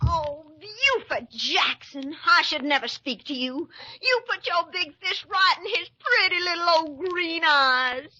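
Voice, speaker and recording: A syrupy Southern belle. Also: female voice, very high voice, lively intonation, unhurried, few pauses, sharp tone, slight background noise, exaggerated voice. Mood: alarmed. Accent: American Southern. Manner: coy, sugary drawl. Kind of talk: 1940s radio acting. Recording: dull old radio broadcast.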